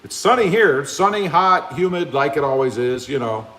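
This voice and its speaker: A relaxed man hosts a live chat from his open garage, reading out comments and greeting viewers one by one. His voice sits a little high and swings freely in pitch. The phone mic picks up a roomy, echoing garage. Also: normal speed. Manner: laid-back, chatty, greets viewers by name. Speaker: livestream host. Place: open garage with a fan running. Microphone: cell phone camera.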